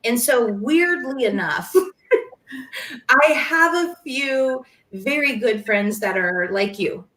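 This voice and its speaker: A woman talking as a podcast guest in casual conversation, emotional and animated, quick to laugh. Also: on the high side, echoey room, low-quality recording.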